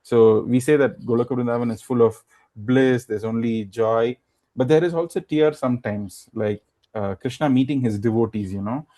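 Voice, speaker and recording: A man preaches by retelling a sacred story, pausing on fillers and slipping into the characters' words. His voice is mellow and relaxed, sitting at an ordinary middle pitch for a man. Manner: retells scripture as a story, acting out quoted lines, many fillers. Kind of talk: storytelling sermon.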